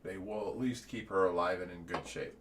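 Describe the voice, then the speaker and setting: A man's voice: low voice, fairly quick, recorded from a distance, slight background noise. A man hosting a fish rescue livestream, chatting casually and earnestly, laughing at times.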